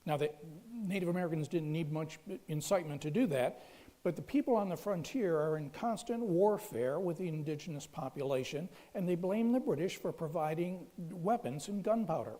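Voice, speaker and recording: A man's voice: fairly high pitch, expressive, normal speed, dark tone. A man giving a public history lecture in a storytelling way, with frequent restarts and fillers. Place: lecture hall. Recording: long hall reverb.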